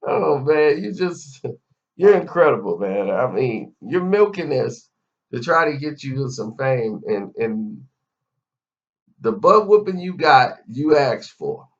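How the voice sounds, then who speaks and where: A man's voice: medium pitch, big pitch swings, measured pace. A man giving a mocking, scolding commentary rant, talking straight at the person he criticizes. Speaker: commentary vlogger. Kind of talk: ranting commentary. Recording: dull lo-fi audio.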